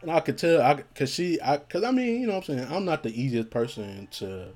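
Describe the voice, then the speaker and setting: A man's voice: fairly high pitch, very animated, brisk, a little mellow, faint music behind. A man telling a personal story in a casual monologue, joking and swearing and often laughing as he acts out what was said.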